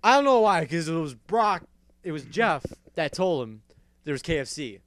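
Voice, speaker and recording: A man with a fairly high voice hosts a casual talk show and tells a story in a swearing, animated way. He laughs often while he talks. A faint hiss sits behind the voice. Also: moderate pace. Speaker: host.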